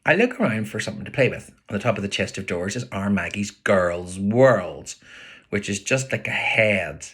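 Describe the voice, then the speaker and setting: A man with a Belfast accent, reading his own novel aloud with lively voices for the characters. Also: lowish voice, moderate pace, slightly rough. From Northern Ireland.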